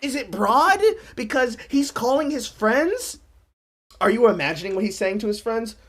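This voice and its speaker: A woman streamer delivers a sarcastic, profane comedic rant. Her voice is fairly high and swings widely in pitch, and her animated delivery keeps bouncing around. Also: moderate pace. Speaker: streamer host.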